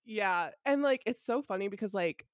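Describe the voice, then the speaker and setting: A woman's voice: medium pitch, normal speed, dry recording. Chatty woman, dry close sound. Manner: chatty, heavy use of "like" fillers; animated storytelling. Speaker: podcast co-host. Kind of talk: casual podcast chat recapping a book.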